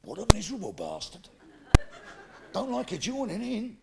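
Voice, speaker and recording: A man's voice: sits high, huge pitch swings, moderate pace, very noisy. A man in his fifties with a London Cockney accent telling bawdy jokes in live stand-up, acting out the people in his stories in changing voices. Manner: gravelly, bawdy, acts out characters in shifting voices. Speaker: stand-up comedian. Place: theatre stage with live audience. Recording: live theatre recording with audience laughter.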